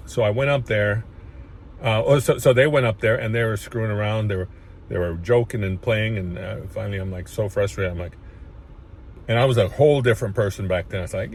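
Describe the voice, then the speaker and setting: A man's voice: lowish voice, a little fast, breathy edge. A man casually telling his own life story, rambling with frequent restarts and getting emotional at points. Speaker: chiropractor sharing his story.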